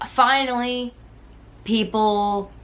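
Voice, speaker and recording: Speaking straight to camera in a relaxed vlog, a woman in her twenties shares a personal story candidly, leaning on "like" and "right?" and swearing freely. Her fairly high voice moves very slowly, and she puts on quoted voices to retell old text messages.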